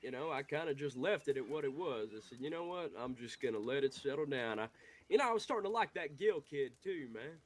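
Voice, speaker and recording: A man's voice: mid-range voice, animated, brisk, natural voice. A man voicing a hot-headed young Western outlaw who rambles, swears and talks in heated bursts. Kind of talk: Western role-play.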